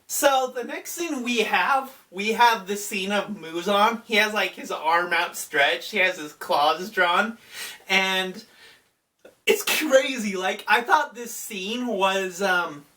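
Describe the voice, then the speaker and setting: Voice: mid-range voice, slow pace, sharp tone, distant mic. An anime fan vlogger recapping an episode in casual, enthusiastic talk full of "like". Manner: enthusiastic, filler-heavy.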